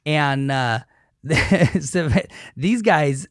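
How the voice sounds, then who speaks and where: Brief: enthusiastic male co-host, slightly high voice, dry studio sound. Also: lively intonation, dry recording. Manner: enthusiastic, quick affirmations. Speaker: podcast co-host. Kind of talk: casual business podcast chat.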